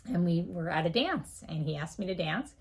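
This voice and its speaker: A woman's voice: on the low side, moderate pace, breathy edge. A middle-aged woman from France, a physician and author, telling a story as an interview guest. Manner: animated storyteller who acts out the people she quotes.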